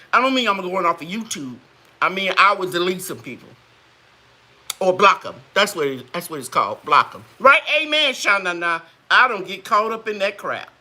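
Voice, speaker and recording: Lady gardener chatting live w viewers, folksy, bright forward voice. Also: mid-range voice. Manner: folksy, chatty, laughs often, preacher-like asides. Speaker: gardening channel host. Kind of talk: live chat reading viewer comments.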